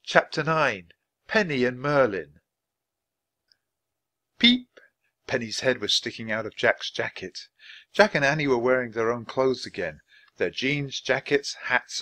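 A man reading a children's chapter book aloud clearly and expressively at a natural pace. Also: mid-range voice, moderate pace, a bit bright, no echo. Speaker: storybook reader.

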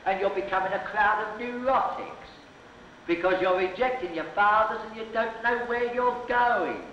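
A high-pitched man with a bright, piercing voice harangues an open-air crowd from a soapbox. He is provocative and bantering. The sound is dull and echoey old documentary film audio. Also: normal speed, a little hiss or hum. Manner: provocative, hectoring, bantering with hecklers. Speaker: soapbox orator. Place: outdoor speakers' corner before a crowd.

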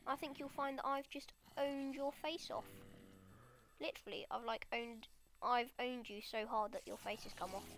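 A woman giving excitable let's play commentary, chattering at the monsters in her game. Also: on the high side, moderate pace. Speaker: gamer.

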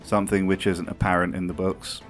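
A man's voice: low voice, level tone, fairly quick, faint music behind. A man giving comedic commentary in a video essay, full of dry, sardonic asides.

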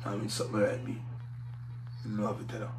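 A man's voice: lowish voice, completely flat delivery, quick pace, background noise. Jamaican man in rambling patois. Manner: rambling patois talk peppered with curses. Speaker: DJ and vlogger. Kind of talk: casual commentary to camera.

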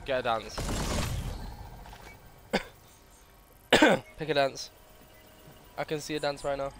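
A man's voice: on the high side, slow, noisy background. A male streamer on a live gaming stream, barking playful mock-menacing commands at another player. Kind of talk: live gaming stream with bossy role-play. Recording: game sounds and gunfire behind.

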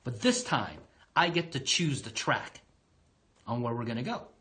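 A slow, steady turtle from a spoken fable, voiced by a man. He sounds plain and determined, with only a slight lift in pitch. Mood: challenging.

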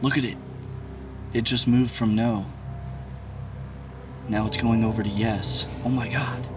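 A man's voice: medium pitch, measured pace, long pauses. Jumpy man ghost-hunting outdoors. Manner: excitable, jumpy, swears often. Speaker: paranormal investigator, vlog host. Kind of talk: on-the-spot ghost-hunting vlog. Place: outdoors at a bridge in rural woodland. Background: music under the voice.

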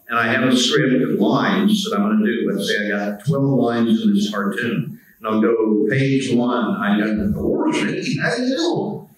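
Easygoing older man in an echoey hall. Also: medium pitch. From United States. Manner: easygoing, chatty, self-deprecating. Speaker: panel guest voice actor. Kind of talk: relaxed anecdotal storytelling. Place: convention panel room. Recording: echoey convention hall, distant mic.

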